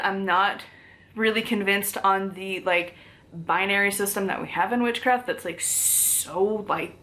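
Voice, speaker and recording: A woman's voice: mid-range voice, fairly bright tone. A woman chatting casually through a book haul, full of "like" fillers and small laughs. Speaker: book reviewer.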